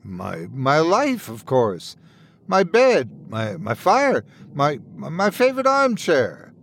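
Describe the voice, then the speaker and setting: A man's voice: on the high side, huge pitch swings, fairly bright tone, a little hiss or hum, full character voice. A man voicing an elderly widower who stammers and halts over his words in a spooky audio story. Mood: flustered. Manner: stammering, halting. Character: elderly widower, timid and grieving.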